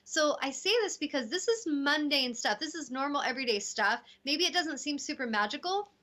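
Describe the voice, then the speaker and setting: A woman hosting a casual spiritual talk show, telling stories with lively acted-out quotes. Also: sits high, a little fast. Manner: animated storytelling, acting out voices in quotes. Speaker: host.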